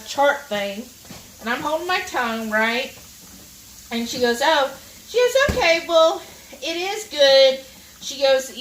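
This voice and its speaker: A woman's voice: a little high, a little hiss or hum. A woman chatting with viewers and telling a long story while she cooks in her home kitchen. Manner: animated, addresses viewers directly. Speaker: cooking vlog host. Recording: roomy kitchen, mic at a distance, faint sizzling.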